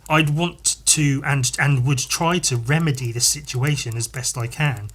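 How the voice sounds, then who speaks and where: A man's voice: medium pitch, moderate pace, few pauses, fairly bright tone, breathy edge. A man hosting a podcast, telling a story casually, rambling, swearing often and laughing at himself. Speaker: podcast host.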